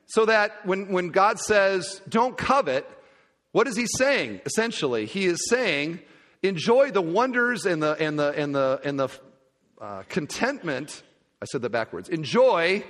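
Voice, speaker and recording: Male pastor, animated preacher, slightly high and lively voice, church hall with a long echo. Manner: animated, acts out little dialogues. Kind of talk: sermon. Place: church sanctuary.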